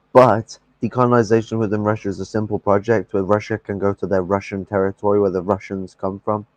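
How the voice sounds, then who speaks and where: A man's voice: fairly low pitch, a little mellow, no echo, poor audio. A man debating on a reaction stream, argumentative and often stumbling over his words. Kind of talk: casual debate.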